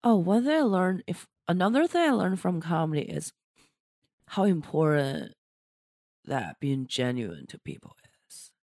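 A woman comedian speaks bluntly and animatedly, her phrasing a little non-standard. Her voice sits low for a woman but swings widely in pitch. The sound is dry and close-miked. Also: very animated, unhurried, darkish tone, dry recording. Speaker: comedian guest. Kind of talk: casual chat.

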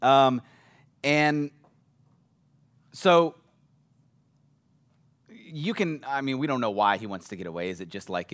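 A man's voice: fairly low pitch, normal speed, pauses often, a bit bright. A man preaching a casual, conversational sermon who often checks in with his listeners and acts out the people in the story. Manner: chatty, often checks in with "right?", acts out quotes.

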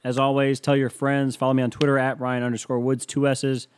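A man's voice: mid-range voice, completely flat delivery, a little fast, clean tone. A man hosting a solo comedy podcast, delivering a rambling, sarcastic monologue full of swearing. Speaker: podcast host.

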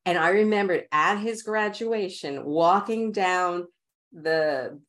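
A middle-aged woman with a Queens New York accent, her voice low, tells stories with lively energy and frequent laughter. She speaks as a guest in a relaxed interview. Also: slow. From New York, USA. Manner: animated storyteller, laughs often. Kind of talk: casual interview storytelling.

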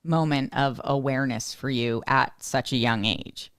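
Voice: mid-range voice, fairly bright tone, dry recording. Thoughtful interviewer, dry close sound. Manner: thoughtful, measured, reflects the guest's words back. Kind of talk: reflective interview questioning.

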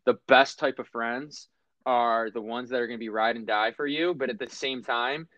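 A man's voice: medium pitch, steady tone, moderate pace, pushed and bright, no echo. A young man hosting a podcast, chatting casually and profanely and laughing often. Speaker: podcast host. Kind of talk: casual chat. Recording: dry, slightly dull sound.

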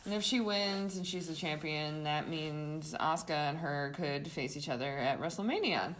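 A woman's voice: low-pitched, moderate pace, a crowd in the background. A woman co-hosting a podcast, recapping a show in casual chat, laughing often and acting out quotes. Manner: giggly, animated storytelling with quoted asides. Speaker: podcast co-host.

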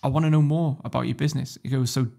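Gravelly, blunt man. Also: mid-range voice, steady tone, very fast, dark tone. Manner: blunt, swears freely, laughs through stories. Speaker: guest entrepreneur. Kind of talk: casual storytelling.

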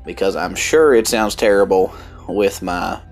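A man with a country accent preaching a Bible study sermon, earnest and deliberate, with emphatic bursts. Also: low-pitched. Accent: Southern US country. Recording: faint music underneath.

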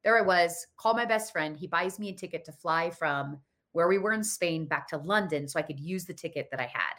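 Brief: thirties woman, lowish pitch, animated storyteller who acts out the voices. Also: a little fast. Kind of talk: personal storytelling.

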